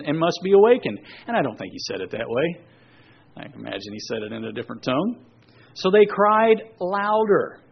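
A man with a husky, slightly high voice delivers a sermon. He reads scripture aloud, then drops into casual asides to explain each verse. The recording sounds dull and lo-fi. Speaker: pastor. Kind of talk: sermon reading scripture with commentary.

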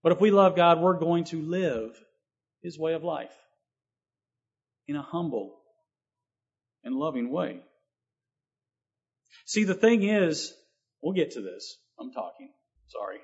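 A man's voice: fairly high pitch, expressive, slow pace, pauses often, a little mellow, husky. A man delivers a sermon in an earnest, preacherly manner, his slightly raised voice swelling with emphasis as he reads and explains scripture. The recording is dull and lo-fi.

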